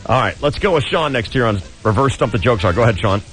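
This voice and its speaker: Lively, jokey radio host. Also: male voice, medium pitch, quick pace, faint music behind. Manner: jokey, laughs often, tells punchlines. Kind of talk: joke-contest radio banter.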